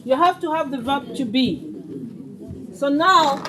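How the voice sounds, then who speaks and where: Woman teacher, high voice, repeats stuff slowly for beginners, echoey classroom w/ room noise, mic kinda far. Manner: patient, questioning, repeats phrases for learners. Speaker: English teacher.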